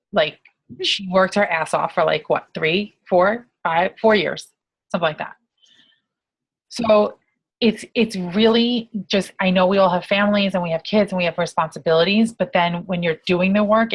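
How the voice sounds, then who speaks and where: Woman from New York, brash and profane, lowish voice, casual team call, animated storyteller.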